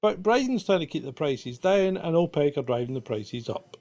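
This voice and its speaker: A man's voice: a little high, animated, normal speed, darkish tone. Exasperated man co-hosting a live stream. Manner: exasperated, mocking, laughs often. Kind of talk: casual live-stream chat.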